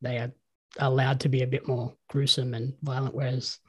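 A man's voice: mid-range voice, little pitch movement, moderate pace, darkish tone, slightly rough. A man with an Australian accent hosting a podcast, chatting casually and telling stories with enthusiasm. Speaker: podcast host. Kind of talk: casual chat.

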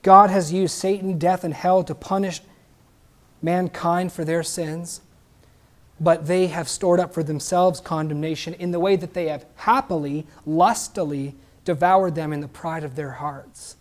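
A man's voice: fairly high pitch, steady tone, measured pace. A man preaching a sermon emphatically, asking the congregation questions and adding joking asides.

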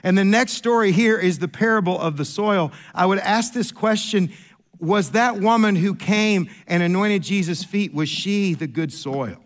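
A man preaching from the pulpit in a high, lifted voice. He presses his points hard and repeats phrases as he builds. At times he drops to a quiet hush. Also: normal speed. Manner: emphatic, repeats phrases and restarts, swings from raised voice to near whisper. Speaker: pastor. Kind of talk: sermon.

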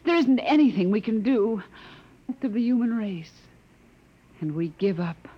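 A frightened, despairing woman captive in a vintage radio play. She speaks anxiously in a breathy voice, and the dull, lo-fi recording has the sound of an old broadcast. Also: on the high side, lively intonation, moderate pace. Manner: anxious, emotional speech. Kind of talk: 1950s radio drama acting.

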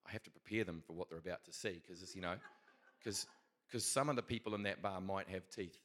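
A man's voice: deep voice, quick pace, fairly bright tone. A middle-aged man with a New Zealand accent telling a faith story in a casual, rambling, earnest way, with many restarts. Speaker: Christian speaker telling a testimony.

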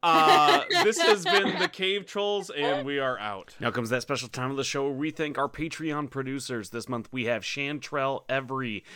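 A man's voice: medium pitch, moderate pace, hardly any pauses, sharp tone. A man hosting a casual podcast, joking and self-mocking as he runs through plugs and thanks supporters. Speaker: podcast host.

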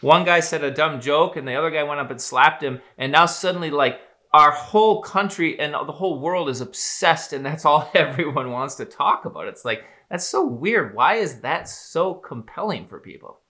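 A man's voice: a little high, expressive, moderate pace, hardly any pauses, pushed and bright. A man in casual podcast conversation, musing and thinking aloud with loose phrasing. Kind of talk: casual chat.

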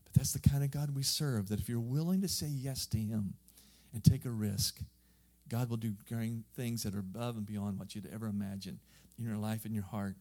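Earnest southern Missouri preacher. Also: male voice, fairly low pitch, fairly even intonation, moderate pace, warm tone. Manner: earnest, exhorting. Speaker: missionary preacher. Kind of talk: sermon.

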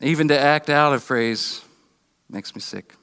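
A man's voice: on the high side, a little slow, a bit bright, smooth. A man preaching a sermon in a conversational, storytelling way, often restarting his sentences. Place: church hall. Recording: long reverb of a hall.

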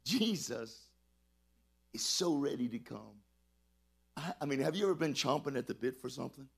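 A middle-aged man preaching a lively sermon, calling on the congregation to respond and shouting praises. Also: mid-range voice, moderate pace, gravelly, slightly rough. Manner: exuberant, call-and-response preaching. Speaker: pastor.

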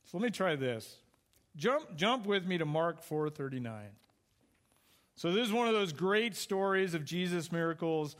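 A man's voice: on the high side, animated, moderate pace, fairly bright tone. A middle-aged man preaching a sermon as pastor, conversational and full of questions to the congregation.

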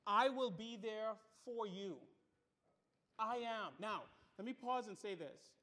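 A man's voice: high voice, slow pace, bright, forceful tone. A male pastor preaching a sermon to a congregation, emphatic, building his points through repeated phrases. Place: church room with congregation.

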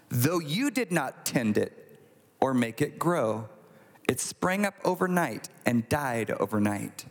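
A male pastor delivers a sermon in a lively, conversational storytelling manner, slipping into little acted asides. His voice sits a bit high for a man. The sound rings with a long reverb, like a large church hall. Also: unhurried, gravelly.

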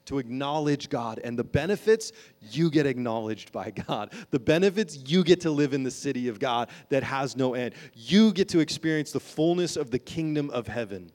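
A man preaching a sermon as a pastor, impassioned, moving between emphatic lines and hushed ones. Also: mid-range voice, lively intonation, moderate pace, hardly any pauses.

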